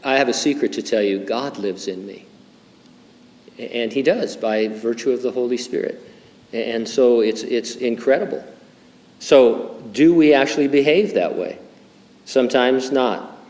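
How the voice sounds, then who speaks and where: A man's voice: medium pitch, moderate pace, a little mellow, long reverb tail. An older male pastor preaching a conversational sermon, full of fillers, restarts and wry humor. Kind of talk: sermon with Bible teaching.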